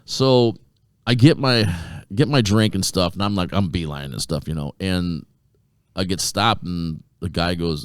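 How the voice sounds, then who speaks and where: A man co-hosting a podcast, telling a lively, profane anecdote in casual chat. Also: deep voice, a little slow, smooth, dry recording, studio quality. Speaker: podcast co-host.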